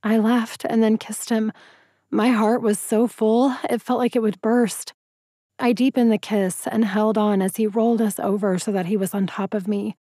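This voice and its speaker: Woman narrator for a first-person romance audiobook; warm, intimate, emotive read in a dry booth. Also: a little high, flat delivery, moderate pace, dry recording.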